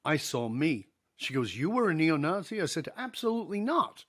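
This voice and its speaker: A man's voice: on the high side, sing-song, moderate pace, fairly bright tone. A middle-aged man, a podcast guest, telling a story in an interview, acting out the dialogue and laughing easily.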